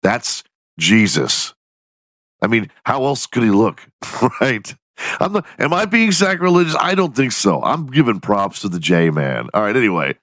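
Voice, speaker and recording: Man, casual comedy podcast host, profane, laughs a lot, very low voice, dry close sound. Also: huge pitch swings, measured pace, fairly bright tone, dry recording. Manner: profane, joking, laughs often.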